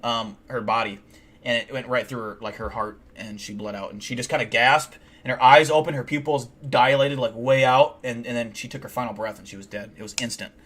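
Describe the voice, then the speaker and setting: A young man hosting a livestream, telling deadpan, boastful tall tales in a rambling way full of fillers. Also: medium pitch, brisk. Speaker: livestream host. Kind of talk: comedic in-character livestream storytelling.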